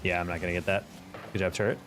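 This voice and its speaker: A man's voice: sits low, little pitch movement, very fast, background noise. A young man live-streaming a game, chatting casually, reacting to plays and answering his chat. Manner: chatty, reacts to gameplay and reads chat aloud.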